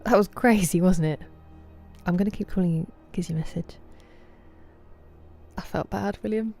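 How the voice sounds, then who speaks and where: A woman's voice: mid-range voice, normal speed, dark tone, faint music behind. A British woman streaming a game, chatting casually and greeting her viewers by name. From Britain. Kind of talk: casual chat with viewers while gaming.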